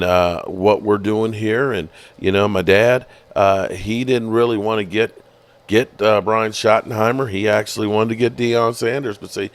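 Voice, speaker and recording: A man doing an impression of a middle-aged football team executive, talking in a low, subdued voice with halting delivery and many uh fillers. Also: lightly acted.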